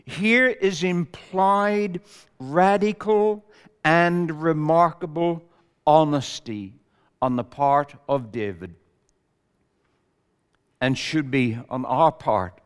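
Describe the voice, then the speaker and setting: High-voiced man preaching in a reverberant hall. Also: clear, resonant tone. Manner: measured, emphatic preaching with rhetorical lists. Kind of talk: sermon. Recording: long reverb of a large hall.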